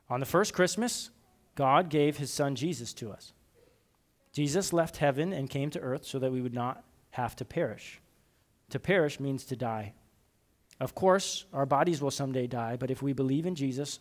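A man's voice: medium pitch, normal speed. A man giving a children's message in church, reading a story and leading the kids in call-and-response. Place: church sanctuary.

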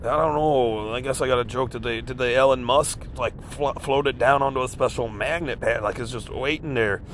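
Agitated man, rambling monologue, recorded outside with faint traffic rumble. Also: normal speed. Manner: agitated, rambling, repeats himself. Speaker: vlogger. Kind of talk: rambling monologue reading news headlines. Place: outdoors in a park.

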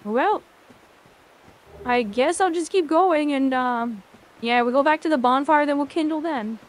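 A woman with a high voice commentates her gameplay live. She is excitable, curses often and chats casually with her viewers between fights. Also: a little slow. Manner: excitable, swears often, talks to chat. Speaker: game streamer.

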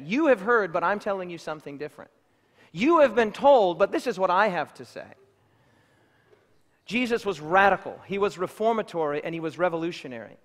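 A man preaching a sermon in a church, emphatic and building to loud declarations. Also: high-pitched, big-room sound. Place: church sanctuary.

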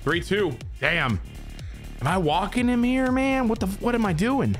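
A young man commentating his own baseball video game play, excitable and swearing as he talks to himself and his viewers. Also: high-pitched, a little slow, soft background music. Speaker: gaming streamer. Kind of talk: live gameplay commentary.

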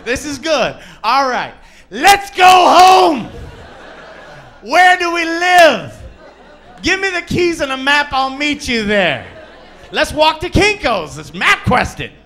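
A worn-out dog, as a comedian puts him on, whines and hollers in a high, bright, strained voice, fed up with walking and baffled about getting home. The voice rises sharply and pushes out its complaints loudly. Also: male voice, very animated, takes it slowly, pauses often, heavily acted. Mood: exasperated. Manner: whiny, exasperated, loud. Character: weary, bewildered male dog of a homeless man.

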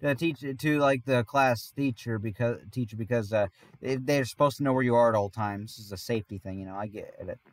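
A man's voice: medium pitch, a little fast, no room sound. A man telling a long personal story in casual podcast chat, rambling and often laughing mid-sentence. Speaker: podcast host.

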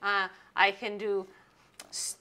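A woman's voice: medium pitch, little pitch movement, takes it slowly, pushed and bright. A woman playing a card game on stream, chatting casually and talking through her plays in an upbeat way.

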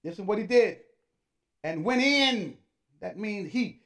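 A man's voice: high voice, big pitch swings, measured pace, fairly bright tone. An older man, a pastor, preaching a sermon with rising fervour, stressing his points and urging the congregation to speak to their neighbours.

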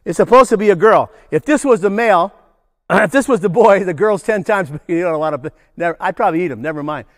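A man's voice: sits high, lively intonation, quick pace, long reverb tail. An older man, a nature educator, leading a playful children's program full of call-and-response chants.

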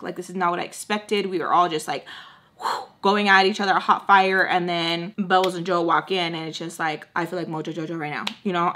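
A woman's voice: lowish voice, fairly bright tone. A young woman, casually telling a dramatic storytime while doing her makeup, full of "like" and sighs. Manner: chatty, dramatic, heavy filler "like".

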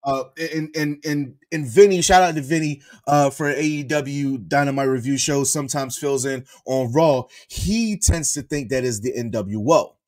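A man co-hosting a wrestling review podcast, chatting in an animated way and laughing often. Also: mid-range voice, normal speed, few pauses. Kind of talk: casual podcast chat.

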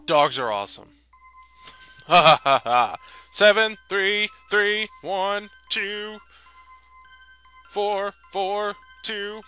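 A young man commenting on a video game as a let's play host, with loud outbursts, laughter and plenty of swearing. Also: sits high. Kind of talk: gaming commentary.

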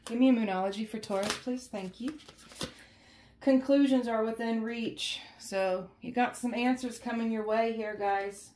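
Holding back tears, a tarot reader chats with her viewers at home while a cat lingers close by, frequently closing lines with "okay?" or "guys." Her voice sits on the high side with fairly even intonation, normal pacing and hardly any pauses. The audio is reverberant with noise in the background.

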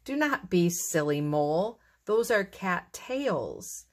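A woman reading aloud voices a cheerful little female mouse in a bright, eager, sing-song way. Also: fairly low pitch, very animated, slow pace, exaggerated voice. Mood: cheery.

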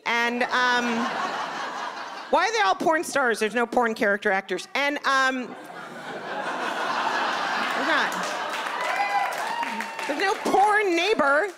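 Woman, middle-aged, stand-up comedian, self-deprecating, punchy, slightly high voice, live crowd. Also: very animated, unhurried, long pauses. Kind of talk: stand-up set. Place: theater stage before a laughing audience. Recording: live show with loud crowd and noise.

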